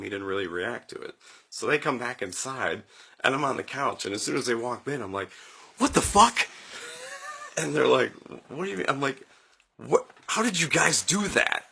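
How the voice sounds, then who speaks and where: A young man hosting a podcast, telling a story in a casual, animated way, acting out quotes with jumps in his voice and laughing often. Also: mid-range voice, fairly quick, vocal fry, husky. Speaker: podcast host.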